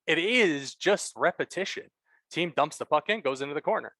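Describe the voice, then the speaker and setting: A man co-hosting a casual sports podcast, chatting with quick, emphatic, blunt opinions. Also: fairly high pitch, animated, bright, forceful tone, dry recording. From Canada. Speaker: podcast co-host.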